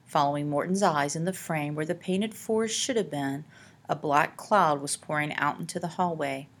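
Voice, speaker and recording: Low-voiced woman narrating a spooky story. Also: moderate pace. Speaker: audiobook narrator. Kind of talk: scripted narration.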